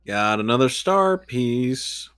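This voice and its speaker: A man with a bright, forward voice at a mid pitch, chatting wryly as he plays. He talks in an even, casual way. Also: slow pace, clean tone. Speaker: gamer, co-host. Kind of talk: casual gaming chat.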